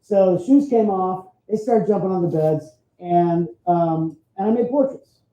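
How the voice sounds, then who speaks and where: Male photographer, storyteller at an expo, very dark voice, echoey dull recording. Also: sits high, measured pace. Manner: chatty, frequent "right?" tag questions. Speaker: photographer giving an expo talk. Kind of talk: storytelling presentation. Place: expo hall stage. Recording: roomy, dull sound.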